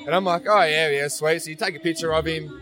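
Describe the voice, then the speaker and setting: Rambling, slightly high-voiced man. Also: fairly even intonation, fast, a crowd in the background. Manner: rambling, swears freely. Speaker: guest. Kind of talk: casual storytelling.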